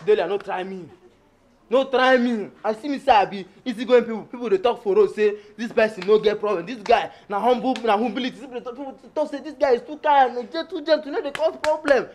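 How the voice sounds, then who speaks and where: A comic young houseboy with a Nigerian Pidgin accent, rambling and pleading with theatrical repetition. His voice sits high for a man. There is a light hiss behind him. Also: fast talker, a little mellow. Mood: indignant. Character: comic young male houseboy, greedy and lovestruck. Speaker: actor playing a lovestruck, food-obsessed houseman named Friday. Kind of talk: Nollywood film acting.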